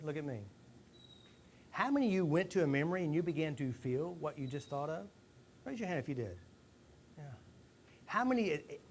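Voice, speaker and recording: A man giving a lively live talk to a rehab group, asking the room questions and acting out stories. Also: fairly high pitch, slight background noise. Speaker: speaker addressing a rehab group. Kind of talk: live motivational talk to an audience.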